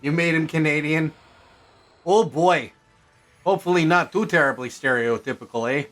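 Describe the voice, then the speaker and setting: A man's voice: on the high side, normal speed, a bit bright, faint music behind. A man streaming a game, chatting casually and thinking aloud as he plays, rambling and correcting himself as he goes. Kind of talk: casual gameplay commentary.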